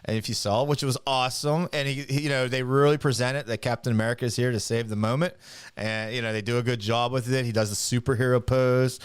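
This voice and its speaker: A man's voice: mid-range voice, fairly even intonation, fast, smooth, no room sound, studio quality. A man co-hosting a podcast, chatting casually about a movie and laughing often. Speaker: podcast co-host.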